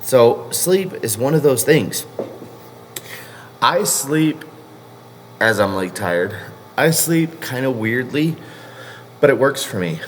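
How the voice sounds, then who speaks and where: A man's voice: mid-range voice, big pitch swings, slow, pauses often, slight background noise. A man coaching powerlifters in a casual vlog rant, blunt and scolding, swearing constantly. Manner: blunt, heavily profane, scolding.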